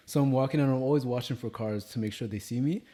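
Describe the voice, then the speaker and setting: A man's voice: mid-range voice, fast talker. A young man, co-hosting a casual podcast chat and telling stories with rising animation. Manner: animated storyteller who gets loud and heated. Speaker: podcast co-host.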